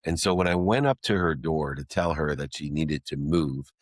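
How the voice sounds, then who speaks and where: A man's voice: extremely low pitch, moderate pace, no room sound, studio quality. A middle-aged man, a guest in an interview, telling a personal story with emphatic, rhythmic lists of alliterative words.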